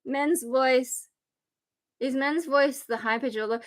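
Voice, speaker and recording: A woman's voice: high voice, slow pace. A tired woman livestreamer in casual chat, patiently explaining a viewer's question with everyday examples. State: exhausted. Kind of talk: casual live-stream chat.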